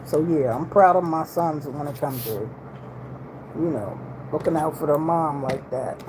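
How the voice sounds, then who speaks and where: A woman in her sixties chatting casually with her livestream viewers, relaxed and drawling with slangy everyday grammar, talking in a steady middle pitch over faint room noise. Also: unhurried. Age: 60s. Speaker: livestream host.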